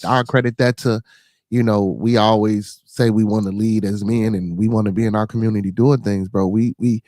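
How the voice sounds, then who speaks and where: A man with a Chicago accent telling stories and chatting on a podcast, animated and profane, with lots of restarts. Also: fairly low pitch, moderate pace, no echo, studio quality. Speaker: podcast host. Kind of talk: casual chat.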